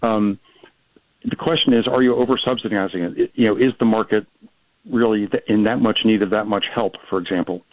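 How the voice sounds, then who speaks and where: A man, a policy researcher, talking fast as a guest in a radio interview, with many restarts and fillers. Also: fairly low pitch, steady tone, dry recording, lo-fi sound.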